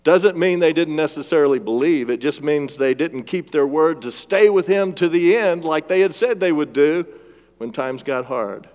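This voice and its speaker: A man preaching a sermon as pastor, swinging between loud emphatic lines and hushed, drawn-out phrases and calling for responses from the congregation. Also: a little high. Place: church sanctuary. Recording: long reverb of a large church hall.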